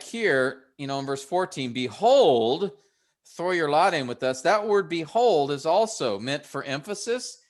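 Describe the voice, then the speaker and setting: A man teaching a workshop for pastors, explaining a text step by step in an unhurried way with frequent restarts. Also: a little high. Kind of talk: relaxed classroom teaching.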